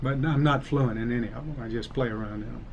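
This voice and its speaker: An older man with a softened Southern US drawl, answering questions in a relaxed, thoughtful way. His voice sits at an ordinary pitch for a man. Faint background noise hums under the recording. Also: fast talker. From Alabama, United States. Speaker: engineering professor. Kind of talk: casual interview.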